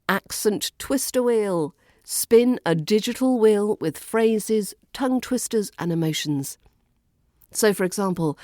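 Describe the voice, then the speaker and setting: Slow, dark-voiced British accent coach woman. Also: mid-range voice, no echo, studio quality. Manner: models phrases slowly, repeating each twice. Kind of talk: scripted accent lesson.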